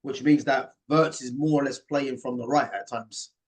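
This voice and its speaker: A man's voice: mid-range voice, fairly even intonation, moderate pace, slightly rough. A man hosting a casual football chat, talking in an emphatic, opinionated way. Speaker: host.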